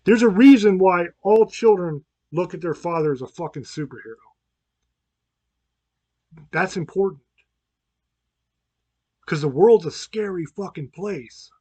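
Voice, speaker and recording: A man's voice: sits high, unhurried, pauses often, dark tone, dry recording, lo-fi sound. Blunt, swearing man on a podcast. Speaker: podcast host. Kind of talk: profane podcast monologue.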